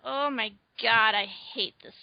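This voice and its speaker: A woman's voice: fairly high pitch, unhurried, creaky, a little hiss or hum. A woman co-hosting a casual film review chat, emphatic and exasperated, full of fillers. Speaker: co-host. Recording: dull, dry lo-fi sound.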